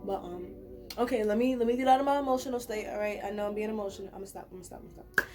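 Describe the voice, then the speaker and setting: A woman's voice: on the high side, very fast, over music. A young woman giving a casual, rambling pick-a-card tarot reading to camera, talking earnestly and reassuringly. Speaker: tarot reader.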